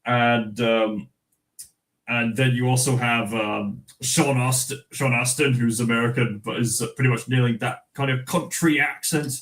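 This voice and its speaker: A young Scottish man hosting a casual livestream, halting and full of fillers, answering chat comments and reading from a magazine. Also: medium pitch, fairly even intonation, fairly bright tone, low-quality recording. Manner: rambling, halting, with many fillers and restarts. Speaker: livestream host.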